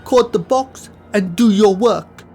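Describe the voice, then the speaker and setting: A man's voice: high-pitched, slow, dark tone, faint music behind, pitched above the performer's own voice, heavily acted. A man putting on a barking Scottish murderer. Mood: barking orders. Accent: put-on Scottish, admittedly poor. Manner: barking gruff orders. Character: menacing male murderer in a clumsy Scottish accent.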